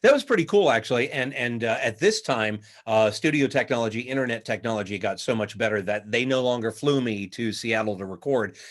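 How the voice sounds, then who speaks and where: A man, a voice actor guest in a casual interview, telling lively stories and slipping into voices. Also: mid-range voice, fairly quick, few pauses. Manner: lively anecdotal, acts out voices mid-story.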